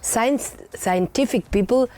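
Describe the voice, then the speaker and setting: A woman's voice: a little high, takes it slowly, dark tone. A woman host, a native Spanish speaker, asking questions in English and finishing her guest's sentences. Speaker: interview host. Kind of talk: casual interview.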